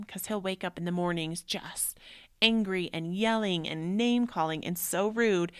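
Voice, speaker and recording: A woman's voice: lowish voice, fairly even intonation, moderate pace, clear, resonant tone, no room sound, studio quality. A woman in her thirties who hosts a show and teaches yoga, telling a personal story in an emotional, rambling way and saying "like" often. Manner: emotional, rambling, frequent "like" fillers.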